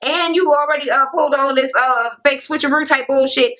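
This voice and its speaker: Woman vlogger, bright tense tone, slightly high, blunt swearing rant style. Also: a little fast, poor audio. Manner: blunt, sassy and heavily profane; sarcastic asides to the viewer. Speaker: reality TV recap vlogger. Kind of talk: casual ranting recap.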